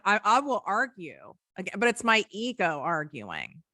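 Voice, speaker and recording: Bright, forceful woman guest. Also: mid-range voice, unhurried, dry recording, clean studio sound. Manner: earnest, animated, acts out inner voices. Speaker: podcast guest, business coach. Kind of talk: conversational interview.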